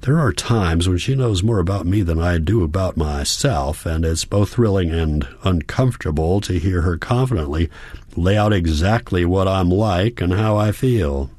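A man calmly narrating a first-person audiobook in a measured way. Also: low voice, slightly rough, no echo.

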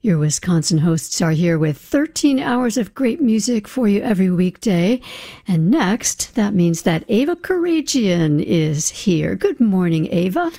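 Woman, classical radio host, warm mellow tone, dry studio sound. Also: medium pitch, sing-song, measured pace, no echo. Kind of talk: radio announcing.

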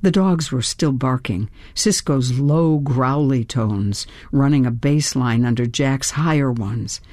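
Slow, measured woman narrating a story. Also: a bass voice, a little mellow, no echo, clean studio sound. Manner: measured storytelling, tense in action scenes. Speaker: audiobook narrator. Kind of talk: first-person audiobook narration.

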